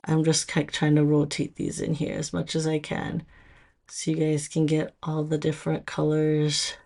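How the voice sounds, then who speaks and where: A woman's voice: low-pitched, monotone, normal speed, creaky, darkish tone. A woman with a Minnesota accent showing off nail products in a casual, chatty way, full of fillers and restarts.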